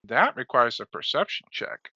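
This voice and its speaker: A man narrating a tabletop game as game master, relaxed and hesitant with many fillers, heard over a dull online call. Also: mid-range voice, moderate pace, husky, no room sound.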